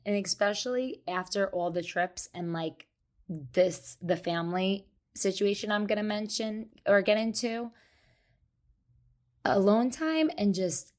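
A woman chatting on her podcast, swapping between gross-out anecdotes and frank talk with lively, unfiltered energy. She speaks in a mid-pitched voice, blunt and cheerfully profane, as if talking to friends. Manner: animated, blunt and profane, laughs at herself. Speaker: podcast host. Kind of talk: casual storytelling monologue. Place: hotel room.

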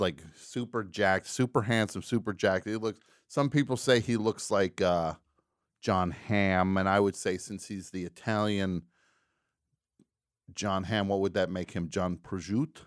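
A man's voice: low-pitched, dry recording, clean studio sound. A man hosting a call-in talk show, chatting casually with rambling, jokey asides.

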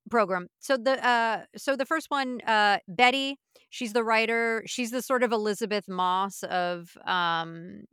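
A woman's voice: fairly high pitch, measured pace, a bit bright, clean tone, no echo, clean studio sound. A woman co-hosting a podcast, chatting casually and laughing easily. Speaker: podcast co-host. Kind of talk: casual chat.

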